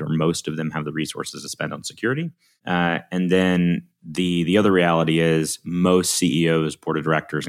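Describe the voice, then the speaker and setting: A man from Alabama with a Southern accent, chatting casually as an interview guest, informal and rambling with many fillers. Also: a bass voice. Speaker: industrial cybersecurity guest.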